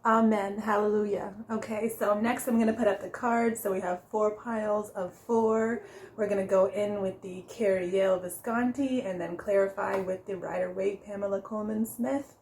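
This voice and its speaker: A woman giving a casual tarot reading for her vlog, chatty and quick to laugh, often stopping to correct herself. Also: medium pitch, fairly even intonation, a little mellow, echoey room, slight background noise, low-quality recording. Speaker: tarot reader.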